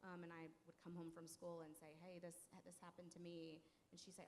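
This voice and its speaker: A woman's voice: fairly low pitch, completely flat delivery, fairly quick, hardly any pauses, a little mellow. A woman on a discussion panel, explaining her points thoughtfully with examples from her own life. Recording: reverberant hall with faint noise.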